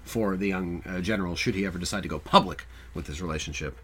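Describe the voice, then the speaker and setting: A man co-hosting a podcast, casually talking through a movie's plot and swinging loud for emphasis. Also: sits low, fast talker, husky. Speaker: podcast co-host. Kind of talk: casual film discussion.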